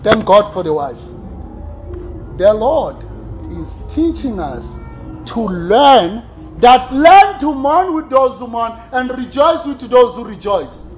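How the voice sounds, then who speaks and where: A man preaching a sermon, animated, swinging between loud exclamations and quiet asides with frequent laughs. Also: very high voice, slow, faint music behind. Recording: slightly dull recording with faint room ambience.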